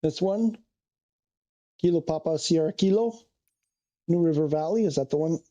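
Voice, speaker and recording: A man's voice: a little high, moderate pace, warm tone, highs cut off. A man streaming a flight game, chatting casually and thinking aloud as he corrects himself. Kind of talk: casual live-stream chat.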